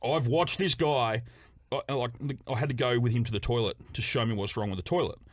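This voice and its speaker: A man's voice: mid-range voice, a little fast, no room sound, clean studio sound. A man who does stand-up comedy, guesting on a podcast and telling rowdy, sweary anecdotes, acting out the people in them. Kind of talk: casual storytelling chat.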